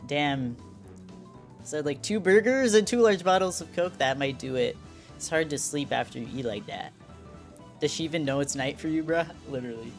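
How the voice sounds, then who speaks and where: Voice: medium pitch, moderate pace, soft background music. Slangy, self-mocking young streamer. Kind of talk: casual live-stream chat.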